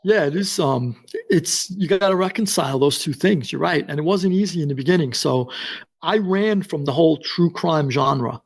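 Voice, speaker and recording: A man's voice: on the high side, gravelly, slightly rough. A man, a guest author telling stories in an interview and acting out the dialogue. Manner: acts out dialogue in quotes, fast and excited. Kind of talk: animated storytelling interview.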